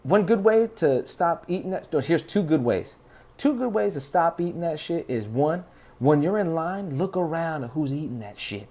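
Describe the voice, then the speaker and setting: A man's voice: a little high, lively intonation, moderate pace, dark tone, husky. A man hosting a podcast, telling stories in a rambling, profane, laid-back way. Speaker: podcast host. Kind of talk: casual rambling monologue.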